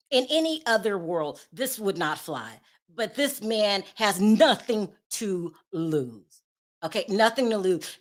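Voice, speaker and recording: A woman's voice: a little high, a bit bright. A woman hosting her own channel, giving sassy, exasperated gossip commentary and often laughing in disbelief. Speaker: channel host.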